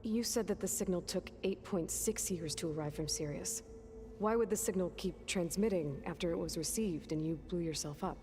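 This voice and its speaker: A woman voicing a direct young hunter, low-voiced. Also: normal speed, dark tone, a little hiss or hum, natural voice. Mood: questioning. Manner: direct, pragmatic questioning. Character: determined young female hunter questioning an AI. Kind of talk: video game cutscene dialogue.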